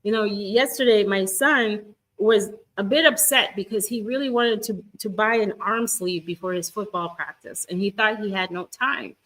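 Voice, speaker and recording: A woman's voice: medium pitch, moderate pace, few pauses, poor audio. Encouraging woman coach live-streaming. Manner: warm, encouraging, talks straight to viewers. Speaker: twin flame guidance coach. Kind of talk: live-stream chat with viewers.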